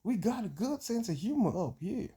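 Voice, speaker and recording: South african guy doing a cocky american drawl, raised voice, slangy and slow, kinda husky. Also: high-pitched, sing-song, mellow, voice pushed up, heavily acted. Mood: earnest. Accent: put-on American. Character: brash streetwise man, put-on American drawl.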